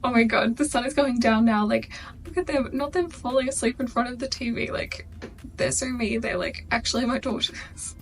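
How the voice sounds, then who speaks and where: A young Australian woman chatting excitedly to camera as a vlog host. Her voice sits a little high, and she strings her thoughts together with a steady stream of "like". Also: normal speed. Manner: gushing, chatty, heavy use of "like". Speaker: vlogger. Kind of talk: casual reaction chat.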